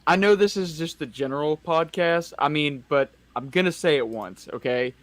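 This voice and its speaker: A man's voice: fairly high pitch, moderate pace, no echo. A man moderating a podcast panel, asking the others questions and throwing in dry jokes. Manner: dry jokey quips, asks the panel questions. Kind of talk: casual panel chat.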